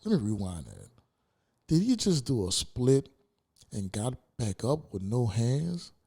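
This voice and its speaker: Mellow, easygoing New host. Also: male voice, medium pitch, wildly swooping pitch, vocal fry, breathy edge. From New Orleans. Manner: easygoing, encouraging, quick back-channel replies. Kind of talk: casual interview chat.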